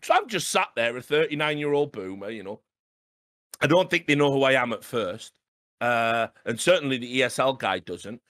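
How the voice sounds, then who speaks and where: A man in his late thirties hosting a podcast, telling a story in an animated, sweary way and often asking "right?". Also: mid-range voice, normal speed, no room sound, studio quality. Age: 30s. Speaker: podcast host. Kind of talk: casual storytelling chat.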